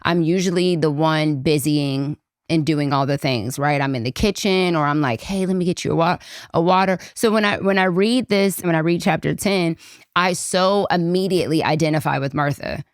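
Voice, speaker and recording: A woman's voice: low-pitched, moderate pace, no room sound, clean studio sound. A woman in her thirties hosting a podcast, talking through a Bible passage in a chatty way, often repeating and restarting her phrases. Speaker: podcast host. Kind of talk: personal Bible reflection.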